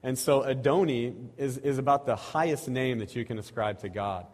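A man's voice: mid-range voice, normal speed, darkish tone. Man preaching in a reverberant church. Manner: self-deprecating, rambling with restarts and chuckles. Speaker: lay preacher. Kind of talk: casual sermon with prayer. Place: church sanctuary.

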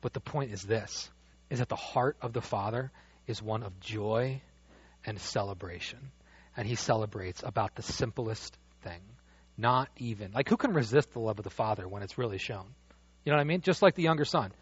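A man preaching a sermon as pastor, animated, dropping to a hush and rising loud as he acts out the father's words. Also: medium pitch, normal speed, breathy edge, dry recording. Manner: animated, swings from hushed to loud when quoting the father. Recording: dull dry lo-fi sound.

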